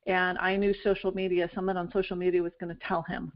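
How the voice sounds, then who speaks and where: Middle-aged woman, interview host, gentle and affirming, muffled lo-fi recording. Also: lowish voice, level tone, quick pace. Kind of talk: interview conversation. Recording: dull lo-fi sound.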